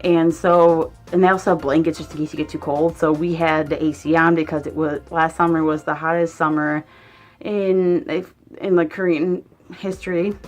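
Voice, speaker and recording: Rambling young woman telling a story, low voice. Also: flat delivery, normal speed, soft background music. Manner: rambling, heavy use of "like", swears freely. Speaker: vlogger. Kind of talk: casual storytime.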